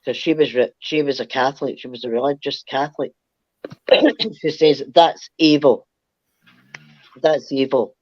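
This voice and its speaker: A woman's voice: extremely low pitch, no echo, dull audio. An older woman, telling a rambling, chatty ghost story as a guest. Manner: rambling, chatty, laughs through her story. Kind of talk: casual storytelling.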